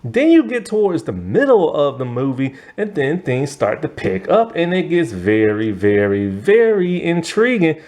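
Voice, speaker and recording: A man talks through a movie review in a loose, chatty way. His pitch swings up and down a lot, and his thoughts ramble along with plenty of fillers. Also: measured pace, hardly any pauses. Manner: rambling, animated, lots of fillers and laughs. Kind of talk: casual spoken movie review.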